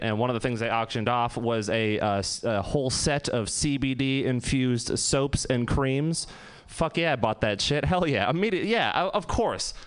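Laughing young stand-up comic, smooth voice. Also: male voice, mid-range voice, a bit bright. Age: 20s. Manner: loose, laughing, profane storytelling. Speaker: stand-up comedian. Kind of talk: stand-up comedy set.

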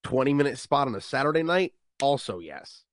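A young male stand-up comedian chats casually in an interview, speaking briskly and acting out what people say to him with animated jumps in pitch. The studio-quality recording has no echo.

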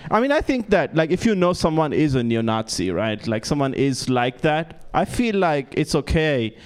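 A man's voice: fairly high pitch, sing-song, normal speed, smooth. A young man performing a stand-up comedy set on a club stage, self-deprecating and stumbling over restarts. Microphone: handheld stage mic.

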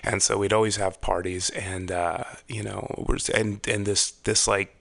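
A middle-aged man with a gravelly, low voice and a bright, sharp edge. He tells loose, rambling stories in relaxed chat and swears freely along the way. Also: measured pace. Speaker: podcast guest. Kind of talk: casual chat.

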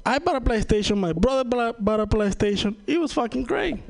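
A man's voice: very high-pitched, expressive, a little fast, creaky. A man from Venezuela with a Venezuelan Spanish accent, doing a loose, profane stand-up set and laughing at his own jokes. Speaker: stand-up comedian. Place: comedy open mic.

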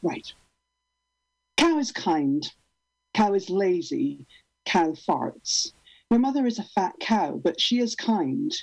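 A woman reading her own poem aloud in a deliberate, rhythmic way over a video call. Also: lowish voice, sing-song, gravelly, darkish tone, poor audio. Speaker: poet reading her work.

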